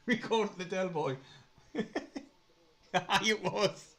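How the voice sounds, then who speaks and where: A young man with a Sunderland accent, hosting a casual live stream, chatty, laughing often, swearing and getting excitable. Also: sits high, slow pace, vocal fry. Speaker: livestream host.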